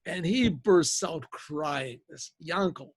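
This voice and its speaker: Older man, rabbi, animated storyteller, gravelly, slightly high voice. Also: slow pace, no room sound. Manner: rambling, animated retelling. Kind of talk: storytelling over a video call. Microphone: video call.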